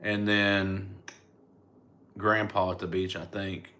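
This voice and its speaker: A man's voice: low voice, level tone, slow, pushed and bright. A man with a Southern US accent, a comedian casually chatting live with his fans and answering their comments in a laid-back, rambling way. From United States.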